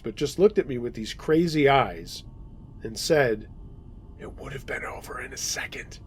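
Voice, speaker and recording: A man hosting a podcast who reads a listener's true scary story aloud in a measured, dramatic storytelling manner. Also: medium pitch, a little mellow, breathy edge. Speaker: podcast host reading listener stories.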